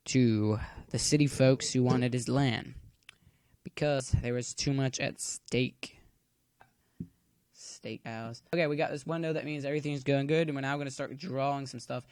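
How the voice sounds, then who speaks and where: A man talks through a coding tutorial from home at a middle pitch. He is easygoing and rambling and fills the waits with groan-worthy jokes. His voice is recorded close and dry. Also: a little mellow, no room sound. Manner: chatty, cracks corny jokes while waiting. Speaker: tutorial maker.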